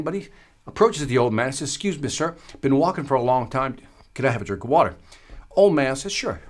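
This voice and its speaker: A man giving a live-streamed sales training talk, telling stories in an animated, emphatic way. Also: mid-range voice.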